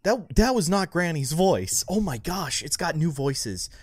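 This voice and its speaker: Excitable young man with lively delivery. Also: on the high side, a little slow, husky, dry recording. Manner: rambling, excitable, easily spooked. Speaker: gaming channel host. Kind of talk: let's play commentary.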